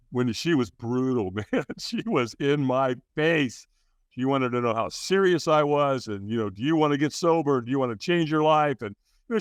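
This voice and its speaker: Studio quality with no echo, this clip features a medium-pitched man in his sixties telling his life story as a podcast guest. The interview is candid and personal; he's frank and earnest, using fillers, restarting sentences, and performing the quotes he repeats.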